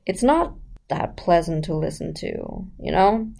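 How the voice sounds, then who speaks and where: A woman's voice: fairly low pitch, lively intonation, measured pace, vocal fry, dark tone. A woman teaching about the voice in a chatty, explanatory way, speaking straight to the listener and asking rhetorical questions. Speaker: voice coach. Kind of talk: casual explanatory lesson.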